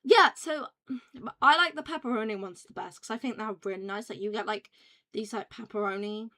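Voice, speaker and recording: A woman's voice: medium pitch, brisk, sharp tone. Rambling young British woman streamer. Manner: rambling, swears freely, frequent restarts and fillers. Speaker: VTuber streamer. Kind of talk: casual chat stream.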